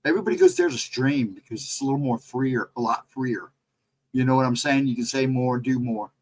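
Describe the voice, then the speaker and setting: A man's voice: medium pitch, steady tone, a little fast, a little mellow, rough recording. A middle-aged man, co-host of a paranormal livestream, telling a personal story in a rambling, casual way and chatting with viewers between stories.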